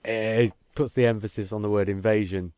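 Low-voiced man, chatty podcast host. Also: steady tone, moderate pace, a little mellow, smooth, no echo. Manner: chatty, reads listener emails aloud. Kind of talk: casual podcast discussion.

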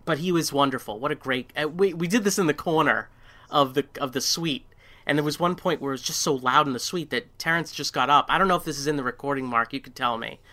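A man's voice: a little high, quick pace, sharp tone. A man on a podcast, chatting casually and telling stories with plenty of ums and restarts. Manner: chatty storyteller with many fillers and restarts. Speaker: podcast co-host.

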